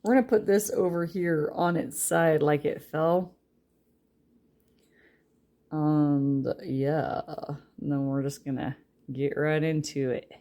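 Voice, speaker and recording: A woman's voice: deep voice, steady tone, takes it slowly, pauses often, warm tone. A woman giving a casual tarot reading, chatty and rambling, with a light Southern drawl that slips in. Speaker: tarot reader.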